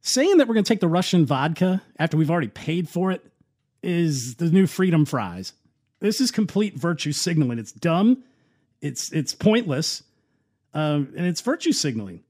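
A man's voice: a little high, sing-song, moderate pace, a little mellow. A man hosting an opinionated political commentary, talking casually with a sarcastic, scoffing manner. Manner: sarcastic, scoffing, conversational with fillers. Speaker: commentary show host.

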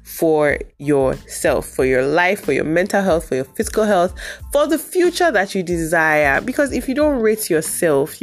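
A woman hosting a casual motivational podcast, talking animatedly and jumping high when she acts out her own reactions. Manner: animated, jumps to high excited pitch when acting out reactions. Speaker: podcast host.

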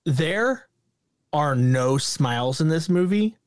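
A man's voice: a little high, expressive, takes it slowly, dry recording, studio quality. A man co-hosting a podcast, casually reviewing a movie with sarcastic remarks and silly impressions of its characters. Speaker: podcast co-host.

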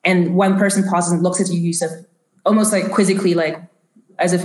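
A woman's voice: lowish voice, flat delivery, fairly quick, a little mellow. A woman narrating a tabletop role-playing game as game master, with a loose, descriptive manner full of fillers. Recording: roomy echo.

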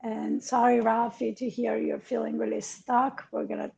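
A woman co-hosting a casual podcast chat, animated and quick to laugh. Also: a little high, creaky. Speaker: podcast co-host. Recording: dull lo-fi audio.

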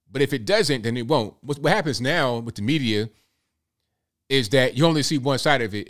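A man's voice: mid-range voice, fairly bright tone. A young man hosting a reaction commentary, talking bluntly and repeating himself in a conversational way. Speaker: commentary host.

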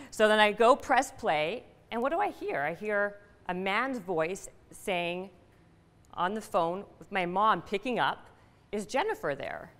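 A middle-aged woman telling a personal story to an audience, animated and punchy, asking the room questions. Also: lowish voice. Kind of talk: storytelling talk. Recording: reverberant hall.

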